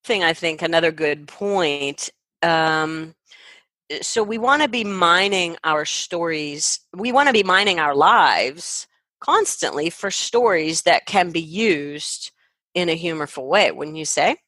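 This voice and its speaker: A woman hosting an interview with a speaker, talking in a measured way and often laughing along. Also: lowish voice, lively intonation, bright, forceful tone, dry recording. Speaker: host and speaker coach. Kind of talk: interview conversation.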